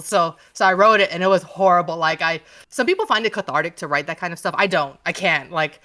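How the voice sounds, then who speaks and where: A woman's voice: lowish voice, fast talker, hardly any pauses, sharp tone. A woman author in a casual podcast interview, gushing and swearing freely as she rambles with many restarts.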